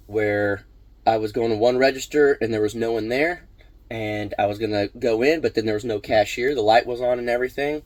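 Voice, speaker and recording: A man's voice: medium pitch, a little fast, a little mellow, no echo. A man casually telling a personal story on his vlog, rambling with many fillers and restarts. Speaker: vlog host.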